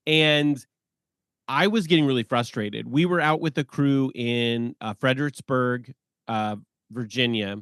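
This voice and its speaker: Animated man telling stories, dry sound. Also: mid-range voice, unhurried, smooth, no echo. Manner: animated storyteller who laughs often. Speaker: podcast guest. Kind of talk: casual podcast conversation.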